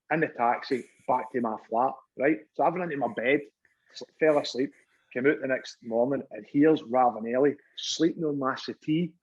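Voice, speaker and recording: A Scottish man, a former goalkeeper, chatting as a podcast guest and telling stories in an animated way, laughing and swearing freely. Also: medium pitch, slightly rough, low-quality recording. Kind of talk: casual chat.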